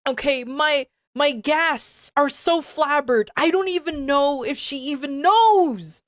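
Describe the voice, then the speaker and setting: A woman's voice: high voice, lively intonation, slow pace, few pauses, dry recording, studio quality. A woman streamer reacting to a text she reads aloud, ranting and swearing in exasperated disbelief and repeating herself. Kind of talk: live-stream reading reaction.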